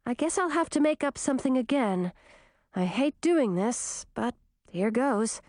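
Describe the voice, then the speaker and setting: A woman's voice: a little high, expressive, measured pace, a little mellow, no echo, studio quality. A woman voicing an earnest, spirited young princess who is new to magic, a little flustered.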